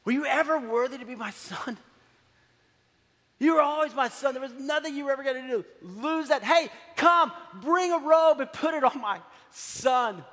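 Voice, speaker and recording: A man preacher voicing a forgiving father who calls out loudly and emphatically. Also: normal speed, in a large hall, exaggerated voice. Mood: joyful. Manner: loud, high and emphatic calls.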